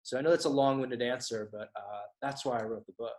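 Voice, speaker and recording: A man's voice: mid-range voice, steady tone, fairly quick, a little mellow, rough recording. Candid, swearing man telling stories. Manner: candid, swears freely, acts out quoted dialogue. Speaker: podcast guest, author. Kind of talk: casual storytelling interview.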